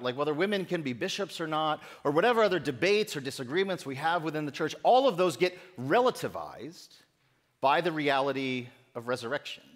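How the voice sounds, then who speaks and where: A middle-aged man preaching a sermon as pastor, in a conversational way with self-deprecating humor. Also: on the high side. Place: church sanctuary. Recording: echoey church sanctuary.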